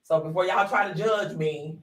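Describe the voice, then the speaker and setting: A woman's voice: deep voice, normal speed, recorded from a distance, slight background noise, low-quality recording. A woman hosting a live online workshop, chatty and encouraging, full of y'all, calling viewers honey and sugar into a desk microphone. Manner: folksy, uses y'all often. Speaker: workshop host.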